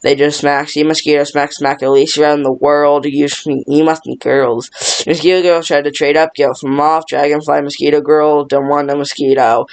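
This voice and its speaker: A man's voice: a little high, little pitch movement, moderate pace, clear, resonant tone, natural voice. A man reading the part of a boastful, streetwise male mosquito in clipped slang. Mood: brash.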